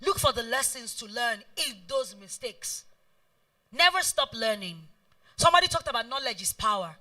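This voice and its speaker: A high, very bright woman's voice with a Nigerian accent, delivering a motivational talk. She is middle-aged and emphatic, leaning on repeated phrases, and she rises and falls widely in pitch. She is heard from some distance from the mic. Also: very animated, moderate pace. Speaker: event planner and guest speaker. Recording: voice heard from far off.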